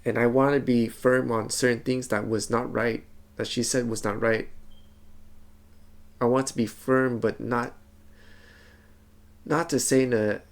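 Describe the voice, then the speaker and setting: Soft-spoken man with a gravelly voice. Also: mid-range voice, unhurried, pauses often. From Hmong community background. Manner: soft, calm, reflective telling with many repeated words. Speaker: vlogger. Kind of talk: personal vlog talk.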